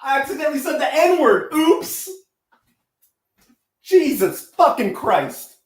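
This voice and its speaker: A man's voice: very high voice, very animated, slow. A man hosting a profane, comedic reaction video, crude and mocking, full of scattered asides. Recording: echoey room.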